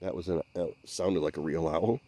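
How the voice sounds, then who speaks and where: A man investigating the woods by a swamp at night, speaking in a hushed, halting, searching way and sometimes calling out loudly. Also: low voice, fairly even intonation. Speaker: field investigator. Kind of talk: night field investigation commentary.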